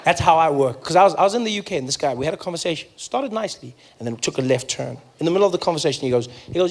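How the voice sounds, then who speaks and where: A South African man performing a stand-up comedy set, animated and acting out voices for punchlines. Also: a little high, rapid-fire.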